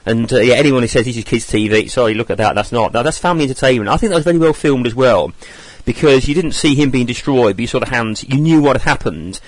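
A man talks through his thoughts in a quick, rambling flow, often stopping to correct himself. His voice sits at a middling pitch, and the recording is dry and close with no room sound. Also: no echo. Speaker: listener sending recorded feedback. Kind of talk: casual spoken review.

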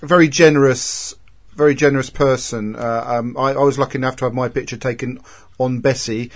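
A man's voice: medium pitch, fairly even intonation, a little fast. Eager man hosting. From England. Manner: eager and enthusiastic, tends to get carried away. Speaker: podcast host. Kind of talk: casual interview chat.

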